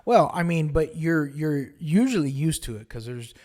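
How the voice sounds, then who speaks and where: A man hosting a podcast, telling a story in a casual chat, animated and swearing constantly as he acts it out. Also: a little high, moderate pace. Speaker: podcast host.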